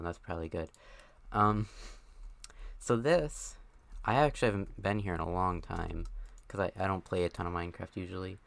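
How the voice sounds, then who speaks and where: A man's voice: low voice, clear, resonant tone, no echo. A young man chatting on a live stream, out of breath, rambling and joking at himself with lots of fillers. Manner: rambling, self-mocking, many fillers. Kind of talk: casual live stream chat.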